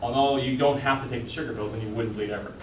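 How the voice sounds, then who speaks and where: A man's voice: mid-range voice, fairly even intonation, quick pace, recorded from a distance, noisy background. A man teaching a college biology class, lecturing casually and firing questions at his students. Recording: echoey classroom recorded from afar.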